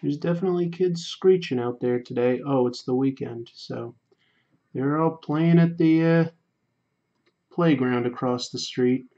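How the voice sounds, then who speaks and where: A man hosting a drawing livestream, chatting casually and reading viewer comments, going quiet during fine detail work. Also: mid-range voice, unhurried, highs cut off. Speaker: livestream host. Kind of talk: casual chat while drawing.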